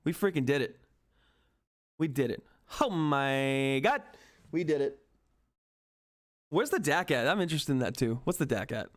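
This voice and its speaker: A man hosting a stock trading livestream, giving excited market commentary and constantly addressing viewers as guys. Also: mid-range voice, normal speed, long pauses. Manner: excitable, keeps addressing viewers as guys and asking "all right?".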